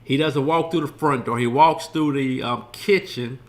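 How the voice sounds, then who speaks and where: A man's voice: medium pitch, normal speed. A man streaming a casual reaction commentary, rambling loosely and swearing freely as he retells scenes.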